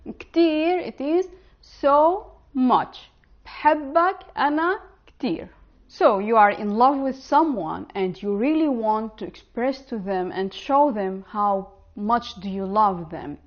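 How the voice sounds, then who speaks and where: A woman with a fairly high voice gives an online language lesson. She speaks the example words slowly and carefully, as if for learners to repeat. The recording sounds a little dull and lo-fi. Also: lively intonation. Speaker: language teacher.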